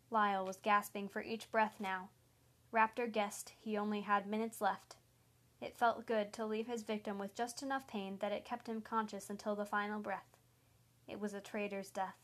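A woman reads a story aloud in a steady storytelling voice. Her pitch is medium for a woman. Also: moderate pace. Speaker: narrator. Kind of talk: audiobook story narration.

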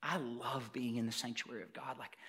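A man voicing an earnest little boy who speaks softly and hesitantly, pleading in a sermon illustration. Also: mid-range voice, fairly even intonation, a little fast, breathy edge, voice pushed down. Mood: shy pleading.

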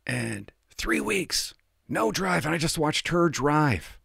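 A middle-aged man, a former police officer, telling a story from his work in a casual, animated way. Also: fairly high pitch, slow, vocal fry, husky, dry recording, clean studio sound. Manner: animated, acts out the people he quotes.

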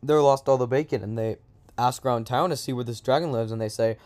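A man's voice: mid-range voice, fast, a little mellow. A man improvising a silly comic story in a rambling, slangy way, with lots of asides.

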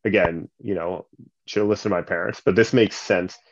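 A man in his late thirties, a basketball coach telling animated stories full of fillers and acted-out quotes. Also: deep voice, a little fast. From Canada. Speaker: basketball coach and nonprofit leader. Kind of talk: conversational storytelling. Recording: slightly muffled sound.

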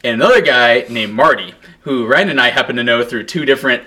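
Lively bright-voiced young man telling a story. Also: medium pitch, quick pace. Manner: animated, laughing often, swears freely. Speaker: podcast co-host. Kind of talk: casual storytelling chat.

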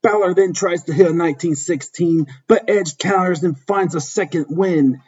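In a husky, high-pitched voice, a man narrates a fan-written wrestling story at normal speed, keeping his reading steady and plain. It comes through on a dull, lo-fi recording.

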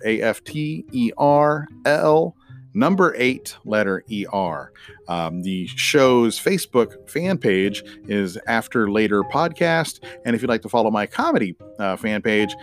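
A man's voice: fairly low pitch, animated, unhurried, faint music behind. A middle-aged man hosting a podcast, wrapping up in a casual, rambling way with lots of fillers and playful rhymes. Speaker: podcast host.

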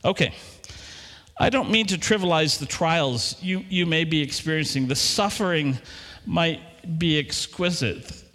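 A middle-aged man preaching a sermon in church, animated and asking the congregation questions. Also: a little high, unhurried. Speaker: pastor. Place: church hall. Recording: long hall reverb.

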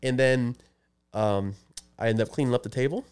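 A man's voice: medium pitch, normal speed, a little mellow, clean tone. A man co-hosting a podcast, telling rambling stories in casual chat and laughing often. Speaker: podcast co-host.

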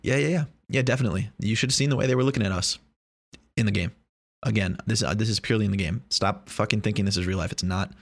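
Young man, casual monologue, rambling, profane, joking, lowish voice. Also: fast, creaky, dry recording.

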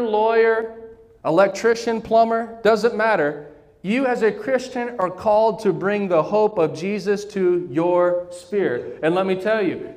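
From the pulpit of a church sanctuary, a pastor with a high-pitched voice preaches a sermon in call-and-response style. He repeatedly prompts the congregation to say words back to him. A long church-hall reverb carries the sound.

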